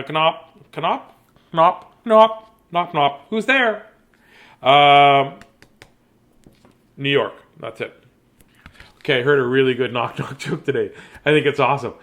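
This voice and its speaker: A man with a bright, forceful, fairly high voice hosts a bedtime read-aloud of children's books. He's chatty and playful, laughing and riffing between pages.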